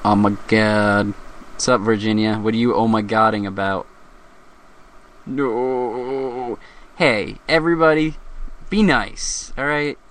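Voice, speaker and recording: A man's voice: on the low side, normal speed, fairly bright tone. A man from the Philadelphia area hosting a casual live show, rambling and joking with frequent laughs. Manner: rambling, jokey, laughs often. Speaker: host.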